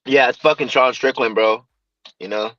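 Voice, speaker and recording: A man's voice: medium pitch, normal speed. A man joining a live stream panel by call, talking in a laid-back, profane drawl. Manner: laid-back, drawling, says bro and you know. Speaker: panel guest. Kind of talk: casual profane chat. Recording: dull lo-fi call audio, faint noise.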